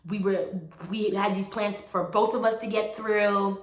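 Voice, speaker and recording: A young woman in her twenties casually telling a personal story to camera, animated and laughing often as she acts out what people said. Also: mid-range voice, measured pace. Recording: echoey room with faint noise.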